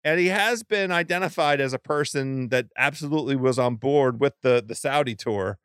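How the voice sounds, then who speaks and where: Smooth-voiced man in casual golf chat. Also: mid-range voice, moderate pace, fairly bright tone, dry recording, clean studio sound. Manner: laid-back, hedging with fillers. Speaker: podcast co-host.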